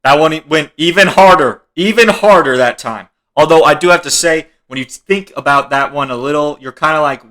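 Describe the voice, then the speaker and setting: A man's voice: on the high side, moderate pace, few pauses, bright, forceful tone. A man giving joking reaction commentary on videos, laughing now and then and swearing casually as he explains.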